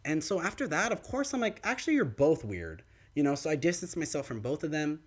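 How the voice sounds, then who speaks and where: A young man co-hosting a podcast, telling a story in casual chat and acting out the quoted lines of others. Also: a little fast. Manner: animated, acts out quoted dialogue with big pitch swings. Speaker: podcast co-host. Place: podcast studio.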